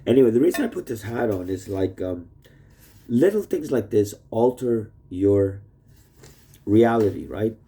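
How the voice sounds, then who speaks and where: A vlogger with a fairly low, expressive, mellow voice speaks unhurriedly in a video message to his wife. Indoors in a shared home with roommates sleeping, he rambles, swears and jumps from topic to topic.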